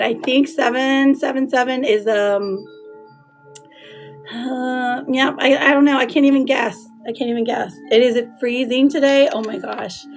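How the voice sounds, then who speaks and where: A woman with a hoarse, laryngitis-worn voice, chatting casually with viewers as she hosts a live tarot reading. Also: on the high side. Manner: chatty, greets viewers by name, laughs often. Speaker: tarot reader hosting a livestream. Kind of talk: casual livestream chat.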